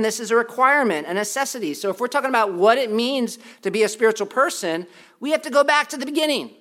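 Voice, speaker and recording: A man's voice: high voice, lively intonation, fast, a bit bright. A man preaching a sermon as pastor, emphatic and repetitive, with self-deprecating humor. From United States.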